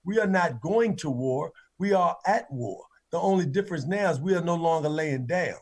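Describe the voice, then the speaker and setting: High-voiced rallying male show host. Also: lively intonation, normal speed. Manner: preacherly, rallying, emphatic. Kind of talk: energetic radio hosting.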